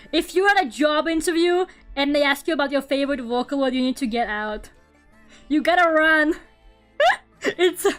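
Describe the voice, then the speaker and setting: Young streamer woman, Russian accent, high voice, rambling chat over faint music. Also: a bit bright. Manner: rambling, laughs often, lots of fillers. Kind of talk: casual chat while drawing on stream.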